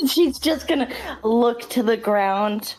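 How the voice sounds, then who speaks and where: A woman's voice: fairly high pitch, takes it slowly, darkish tone. A woman narrating as game master in a tabletop game, with a playful, laughing manner.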